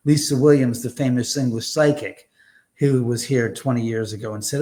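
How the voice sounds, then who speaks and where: A man's voice: medium pitch, normal speed, warm tone. A man talking as a guest on a live show, emphatic and rambling, with blunt remarks and mild swearing. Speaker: guest, haunted house owner. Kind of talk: animated conversational storytelling.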